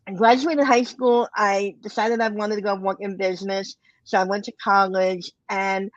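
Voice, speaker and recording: A woman recounting her experiences in a candid, reflective way, at a middle pitch. The sound is dry and a little dull, with no room echo. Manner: candid, reflective, with occasional soft laughs. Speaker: guest. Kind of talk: personal testimony in conversation.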